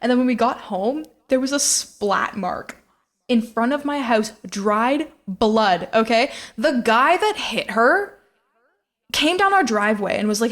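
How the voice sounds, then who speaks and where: A woman's voice: on the high side, animated, a little slow, fairly bright tone. A young woman co-hosting a podcast, telling stories in casual chat full of fillers. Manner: chatty storyteller, many fillers. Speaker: podcast co-host.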